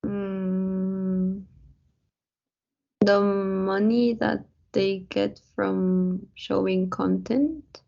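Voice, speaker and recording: A woman's voice: medium pitch, flat delivery, extremely slow, creaky, dark tone, lo-fi sound. A woman answering questions in an English class, hesitant and searching for words. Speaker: student.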